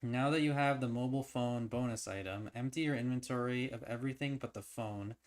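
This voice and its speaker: Man, livestream reader, mid-pitched voice, reads a novel aloud, trips over words, jumps into eager theorizing. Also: a little fast. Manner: stumbles and restarts while reading, then breaks into excited theorizing. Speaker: streamer.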